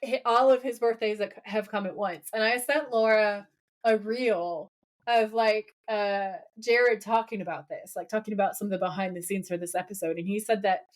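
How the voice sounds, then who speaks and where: A woman co-hosting a podcast in casual chat, recapping a TV episode with lively, laughing quotes of the characters. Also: medium pitch, moderate pace. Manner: animated, laughing, quoting characters in playful voices.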